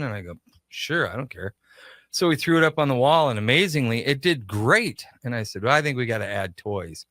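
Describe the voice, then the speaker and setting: A man with a bright, forward voice tells a long story as a radio guest, slipping into the voices of the people he quotes. The sound is dry and close, with no room around him. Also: medium pitch, moderate pace, no echo. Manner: animated, acts out quoted dialogue. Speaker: shop owner, guest. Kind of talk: casual storytelling interview.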